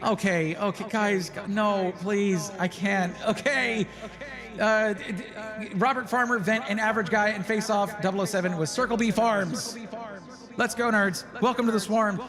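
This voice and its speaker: A man hosting a live stream, excitedly reading out names in quick bursts, his voice going hoarse. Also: high voice. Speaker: livestream host.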